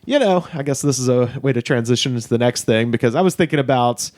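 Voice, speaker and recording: A man chatting casually on a podcast panel, animated, opinionated and quick to swear. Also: medium pitch, no echo, clean studio sound. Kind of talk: casual chat.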